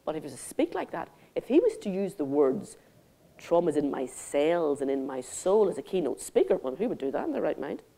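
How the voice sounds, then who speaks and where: An older woman delivers a keynote speech on a conference stage. Her voice sits low and mellow, and her delivery is theatrical and intimate, full of endearments for the audience. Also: big pitch swings, a little fast, creaky. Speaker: keynote speaker.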